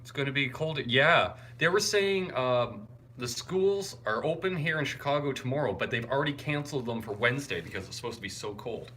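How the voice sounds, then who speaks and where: A young man live-streaming from a hotel room, his bright voice swinging up and down as he talks. He is wired and tired, and chats in a scattered way while reading viewers' comments aloud. A faint hiss of noise sits under his voice. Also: medium pitch, expressive, brisk. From Canada. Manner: scattered, chatty, greets viewers and reads the chat aloud. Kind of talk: casual live-stream chat.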